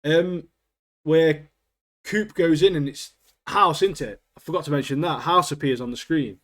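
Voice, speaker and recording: Animated man ranting casually. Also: a little high, moderate pace. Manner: animated ranting, laughs often, swears freely. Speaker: podcast co-host. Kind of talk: casual chat.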